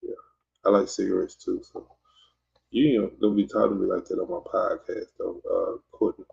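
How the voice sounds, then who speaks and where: Deep gravelly Mississippi man. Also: fairly even intonation, a little fast, darkish tone. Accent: Mississippi Southern US. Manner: rambling and teasing, many fillers and restarts. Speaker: podcast host. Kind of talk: casual livestream chat reading comments. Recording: dull lo-fi sound.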